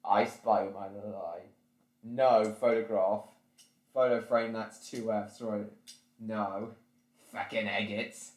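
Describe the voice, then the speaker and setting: A man's voice: lowish voice, fairly even intonation, takes it slowly, a little mellow. Rambling male streamer in an echoey room. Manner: rambling, chatty, reacts to viewer comments. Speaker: live stream host. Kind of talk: casual live-stream chat.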